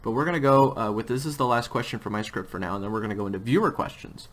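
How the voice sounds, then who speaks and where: Male host, low-ish voice, loose chatty interviewer who drifts off topic. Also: expressive, racing, fairly bright tone. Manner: rambling, with frequent restarts and tangents. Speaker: host and audio drama creator. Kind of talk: casual interview chat.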